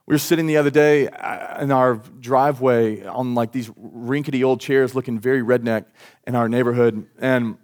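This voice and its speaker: A man's voice: mid-range voice, normal speed. A man preaching a sermon at a church service, talking in a conversational, earnest way and telling stories with energy. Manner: conversational, earnest, animated storytelling. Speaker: pastor.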